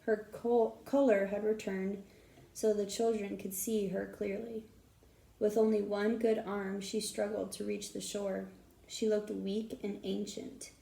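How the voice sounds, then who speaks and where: Gravelly woman reading a storybook. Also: mid-range voice, a little slow. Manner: steady, expressive reading. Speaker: audiobook narrator. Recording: roomy echo.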